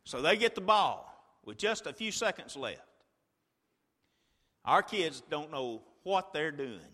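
A man preaching a sermon, retelling a story like a play-by-play and swinging from a hush to a shout. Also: a little high, big pitch swings, slow pace, big-room sound.

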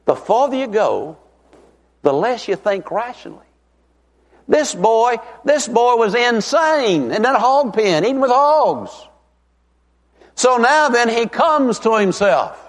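A man's voice: very high voice, sing-song. A middle-aged man, preaching a revival sermon as an evangelist in a folksy, emphatic way, stretching out key words. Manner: folksy, emphatic, drawn-out stresses. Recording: long reverb of a large hall.

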